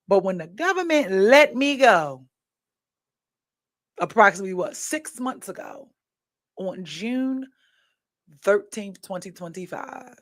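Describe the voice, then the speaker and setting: A woman hosting a podcast, talking in a chatty, animated storytelling way with asides to her listeners. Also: mid-range voice, takes it slowly, long pauses, dry recording. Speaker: podcast host. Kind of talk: casual monologue.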